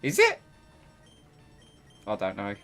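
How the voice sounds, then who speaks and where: A man with an English accent chatting casually while streaming a game, animated and quick to laugh. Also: lowish voice, soft background music.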